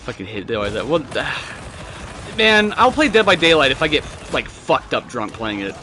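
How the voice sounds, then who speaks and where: A man's voice: mid-range voice, big pitch swings, moderate pace, sharp tone, a little hiss or hum. A young man, telling rambling, profane stories while gaming with friends. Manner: rambling, profane storytelling with laughs. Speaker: gamer chatting with friends. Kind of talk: casual gaming chat.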